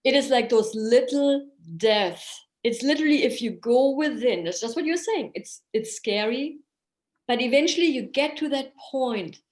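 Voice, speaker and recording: A higher-voiced woman, a therapist talking in an earnest, animated way that sometimes sinks to a murmur. Her voice rings around an echoey room. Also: normal speed. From Germany. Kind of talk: casual podcast conversation.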